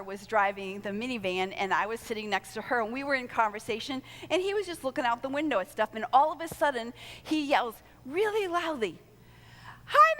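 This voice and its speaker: An older woman giving an inspirational conference talk to volunteers, telling stories in a lively way and acting out what people said. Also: a little high, long reverb tail, noisy background. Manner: lively storytelling with acted-out quotes. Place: large conference hall.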